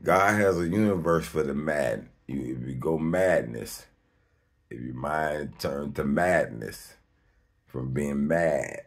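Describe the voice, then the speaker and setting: A man hosting his own video, talking off the cuff in a slangy, emphatic way, swearing freely and laughing between points. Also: takes it slowly. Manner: emphatic, slangy and rambling, with sudden high-pitched outbursts. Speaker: video host. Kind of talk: unscripted monologue to camera.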